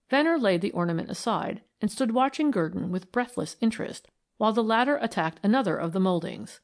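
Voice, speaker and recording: A woman narrating a classic mystery audiobook in an even, deliberate reading. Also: medium pitch.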